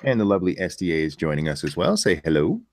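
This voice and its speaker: A young adult man hosting a casual livestream chat, telling animated stories and talking over cohosts. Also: low-pitched, fast, a little hiss or hum. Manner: animated storyteller, acts out voices in anecdotes. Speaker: podcast host.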